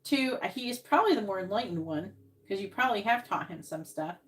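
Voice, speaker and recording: A woman's voice: medium pitch, lively intonation, fairly quick, a bit bright. A woman giving psychic readings on a live stream, talking casually and rambling with many restarts, into earbuds.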